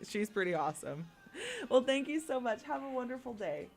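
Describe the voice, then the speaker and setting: Female radio co-host, bubbly and playful, animated sing-song delivery, studio mic. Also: on the high side, unhurried, soft background music. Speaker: radio morning show co-host. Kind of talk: casual morning radio banter. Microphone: studio microphone.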